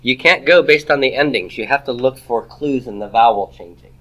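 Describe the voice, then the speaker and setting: A man teaching a Hebrew grammar class in a classroom, lecturing and firing quick rhetorical questions at the students. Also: medium pitch, a bit bright.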